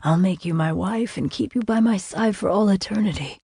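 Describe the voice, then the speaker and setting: A woman voicing a charming, smooth-talking young man who makes sweet promises in a soft, coaxing tone. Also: mid-range voice, normal speed, no echo, studio quality.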